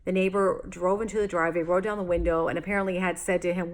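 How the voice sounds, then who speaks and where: A woman's voice: on the low side, level tone, quick pace. A woman vlogger telling a story in a casual, exasperated rant, rambling with fillers and restarts. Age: adult, married homeowner.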